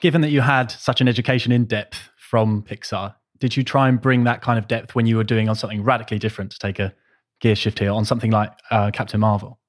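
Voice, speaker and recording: A man's voice: fairly low pitch, steady tone, fast talker. A man hosting a podcast who asks his guest curious, direct questions. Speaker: podcast host. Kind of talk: interview questions.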